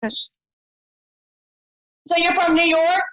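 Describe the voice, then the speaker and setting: Woman psychic host, high and chatty, muffled live-stream sound. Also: drawn-out words, a bit bright. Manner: chatty, folksy, says honey and y'all. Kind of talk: live-stream call-in show.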